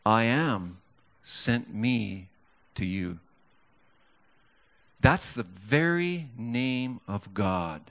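A male preacher delivering a sermon at an unhurried, deliberate pace. He tells the story casually, stumbling and restarting now and then, and climbs into fervent emphasis. His voice sits at an ordinary middle pitch for a man. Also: fairly bright tone. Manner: stammers and restarts.

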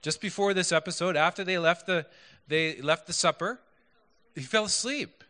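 A male preacher gives a sermon with a bright, forceful voice that sits a little high. He speaks conversationally, putting questions to the congregation and making joking asides. The sound carries a long echo from a large hall. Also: normal speed. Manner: conversational, asks the audience questions, self-deprecating asides. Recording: echoey hall.

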